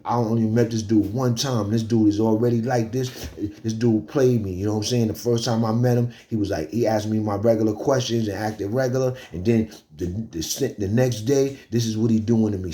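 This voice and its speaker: Low, mellow Bronx man telling a story. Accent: New York, Bronx. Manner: animated, slangy, fillers like "you heard?". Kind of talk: casual street storytelling.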